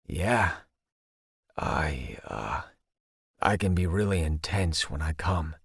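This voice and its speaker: Laid-back young jock voiced by a man, low breathy drawl, dry close audiobook read. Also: expressive, takes it slowly, no room sound, exaggerated voice. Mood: sheepish.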